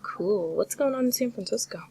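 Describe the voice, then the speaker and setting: Female podcast co-host; husky voice; brief, interested questions. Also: mid-range voice, expressive, normal speed, dark tone. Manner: brief questions and short reactions. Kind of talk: casual chat.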